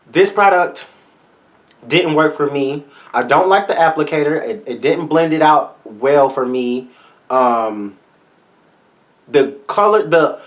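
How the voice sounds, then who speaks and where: A man reviewing makeup products in a vlog, talking straight to his viewers in a sassy, flamboyant, salty way. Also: medium pitch. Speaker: beauty vlogger.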